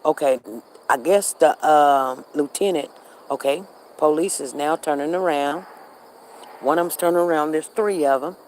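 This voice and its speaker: A woman's voice: low voice, moderate pace, darkish tone, a little hiss or hum, rough recording. A middle-aged woman, chatting casually on a livestream and reacting to what happens outside. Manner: chatty, repeats herself, reacts to events outside. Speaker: livestream host.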